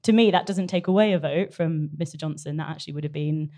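A woman's voice: low voice, fast, dark tone. A young woman co-hosting a podcast, talking casually and laughing easily. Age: young adult. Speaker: podcast co-host. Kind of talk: casual chat.

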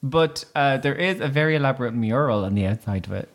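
A woman's voice: extremely low pitch, expressive, fast talker. A woman co-hosting a podcast with dry, wry remarks. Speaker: podcast co-host. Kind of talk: casual chat.

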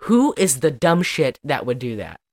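Low-voiced woman chatting about a movie. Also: very animated, normal speed, a little mellow. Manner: chatty, profane, laughs often. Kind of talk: casual chat recapping a movie.

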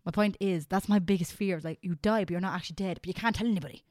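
A young woman co-hosting a casual podcast chat, blunt and expressive. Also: lowish voice, no room sound, studio quality. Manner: expressive, blunt, quick to laugh. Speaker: podcast co-host.

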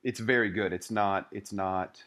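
A man with a somewhat low voice talks about books in a playful, expressive way, often breaking into light laughter. He sounds relaxed and conversational. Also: a little slow. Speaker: podcast co-host. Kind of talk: casual book-discussion chat.

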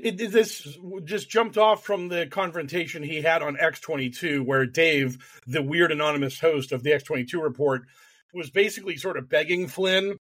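Man, podcast co-host, sarcastic, animated, somewhat high-pitched. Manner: animated, sarcastic, swears freely. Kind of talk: casual comedic chat.

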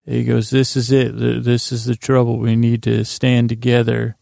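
A man's voice: mid-range voice, monotone, normal speed, vocal fry, dark tone, no room sound, studio quality. A man casually recapping a TV episode in a meandering way, full of fillers and restarts. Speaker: podcast host recapping a TV episode.

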